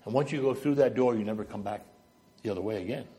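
A man's voice: lowish voice, fast, warm tone. A middle-aged male preacher from New Brunswick, Canada, giving a sermon and telling stories while walking back and forth and illustrating with gestures.

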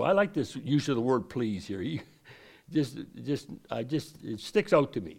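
A man teaching from scripture in a conversational way, reading verses slowly and then explaining them in quick asides. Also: mid-range voice, lively intonation, creaky, darkish tone. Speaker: preacher. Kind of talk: Bible teaching.

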